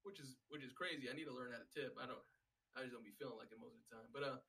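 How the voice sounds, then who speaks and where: A man's voice: medium pitch, racing, sharp tone, slight background noise. Profane, ranting man, heard from a distance. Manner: profane, rambling, exasperated. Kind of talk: casual ranting monologue.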